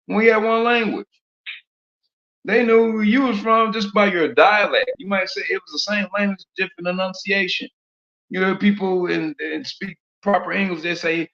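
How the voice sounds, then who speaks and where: This religious speaker has a high-pitched, bright, forceful voice, delivering a casual sermon full of streetwise slang and rapid rhetorical questions. The audio is muffled and lo-fi, echoing around the room.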